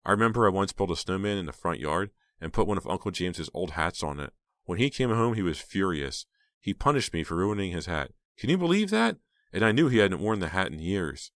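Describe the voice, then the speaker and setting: An excitable teenage girl from a spooky storybook, chattering high and bright, a man reading her part. She sounds eager and a little breathless, and the voice stays dry and close with no room around it. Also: fairly quick, dry recording, full character voice.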